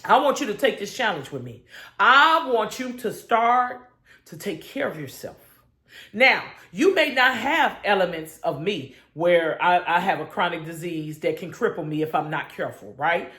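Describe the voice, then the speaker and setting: A woman's voice: fairly low pitch, animated, normal speed, sharp tone. Woman minister, spirited morning devotion, calls and responses with the flock, roomy echo. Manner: exuberant, call-and-response with listeners.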